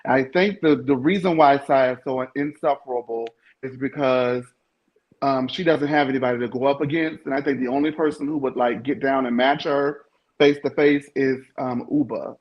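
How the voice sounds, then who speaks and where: A sassy, opinionated man speaking as a panelist in a casual recap chat, at a middle pitch. He pads his opinions with easy fillers. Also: steady tone, moderate pace, lo-fi sound.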